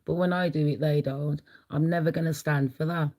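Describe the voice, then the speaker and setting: A woman's voice: low-pitched, fairly even intonation, a little fast, dark tone, low-quality recording. A middle-aged woman hosting a casual livestream, chatty and blunt, laughing often. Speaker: livestream host.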